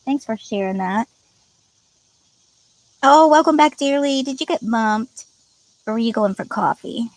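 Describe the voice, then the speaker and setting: A woman's voice: on the high side, measured pace, long pauses, dry recording, low-quality recording. Giggly chatty woman reading viewer comments. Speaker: livestream host. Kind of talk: casual livestream chat reading viewer comments.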